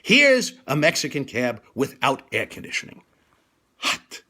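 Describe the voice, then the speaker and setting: Animated New comic telling jokes. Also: male voice, mid-range voice, a little slow. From New York. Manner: punchy joke delivery, laughing at own lines. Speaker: comedian host. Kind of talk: stand-up routine on a live stream.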